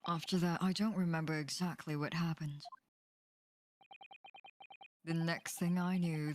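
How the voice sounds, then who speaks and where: A woman's voice: deep voice, darkish tone, slight background noise. A woman reading as a grave aristocratic prosecutor. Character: grave aristocratic male prosecutor narrating past.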